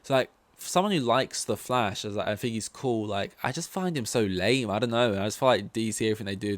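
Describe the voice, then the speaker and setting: A man's voice: mid-range voice, no echo. A man hosting a solo podcast, rambling casually through opinions with lots of fillers and swearing. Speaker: podcast host.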